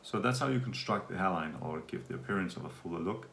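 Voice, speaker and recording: A man from Denmark talks through a casual video update in a loose, rambling way. His voice sits low and has a gravelly edge. He is recorded in an echoey room with a faint hum of ambience behind him. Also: fast. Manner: relaxed, rambling, with fillers. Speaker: vlogger.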